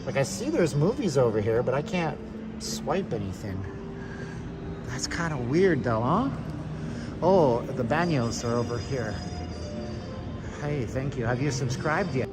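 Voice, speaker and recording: A man's voice: medium pitch, sing-song, a little slow, long pauses, over loud music. A man live-streaming a walking tour of a shopping mall, rambling along with joking asides. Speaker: vlogger. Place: inside a large shopping mall. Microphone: phone held while walking.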